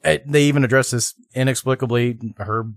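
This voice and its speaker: A man co-hosting a podcast, discussing a film in a halting way with many restarts and mock quotes. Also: medium pitch, steady tone, creaky, no room sound, clean studio sound. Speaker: podcast co-host.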